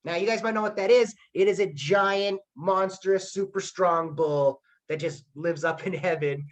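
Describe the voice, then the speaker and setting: A male history teacher retelling a myth in a playful, animated online class. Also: high voice, moderate pace, low-quality recording.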